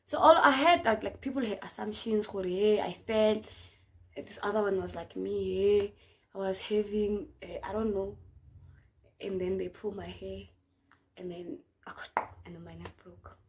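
A young South African woman telling a dramatic story in a casual vlog, with slang and an animated manner. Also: medium pitch, moderate pace. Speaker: vlogger.

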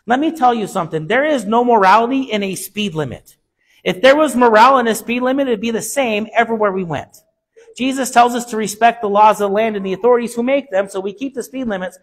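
A male pastor delivers a sermon in a very high-pitched voice. He preaches with an emphatic, repetitive rhythm, hammering on the same phrases. He moves between hushed, low passages and louder, lifted ones. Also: fast.

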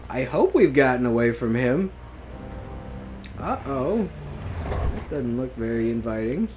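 A gamer giving live gameplay commentary, excitable, swearing often and breaking into yelps and laughs. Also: medium pitch, background noise. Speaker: let's play gamer. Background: game music.

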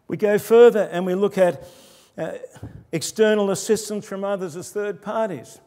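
Older male pastor, mellow tone, relaxed conversational sermon with quiet asides, long church reverb. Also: moderate pace. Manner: conversational preaching, lowering his voice for quoted asides.

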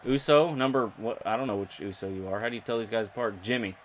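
A young man commentating his own video game playthrough, excitable and jokey, talking to his viewers. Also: fairly low pitch, fast, slight background noise. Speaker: gaming YouTuber. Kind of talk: let's play commentary.

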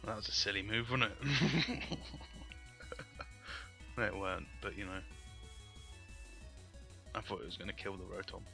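A man's voice: deep voice, flat delivery, fairly quick, gravelly, pauses often, music in the background. A man giving frustrated live gameplay commentary, swearing often and breaking into angry outbursts. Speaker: gaming YouTuber.

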